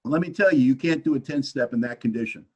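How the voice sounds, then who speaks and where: A man speaking at a recovery meeting, telling his story with animated storytelling and acting out both sides of an argument. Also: medium pitch, quick pace, lo-fi sound, a little hiss or hum. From Washington state, US.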